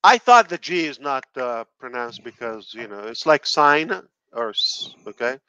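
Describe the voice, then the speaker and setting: A man joining a casual call as a guest, giving earnest advice in halting phrases with frequent restarts. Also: medium pitch, very animated, bright, forceful tone, clean tone, low-quality recording. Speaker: special guest. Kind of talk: casual video-call chat.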